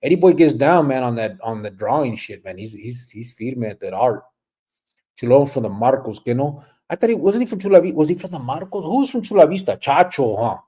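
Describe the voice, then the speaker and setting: Laid-back man, dark mellow voice. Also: medium pitch, brisk, slightly rough. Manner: relaxed, rambling, with Spanish slang. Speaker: livestream host. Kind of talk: casual livestream chat reading comments.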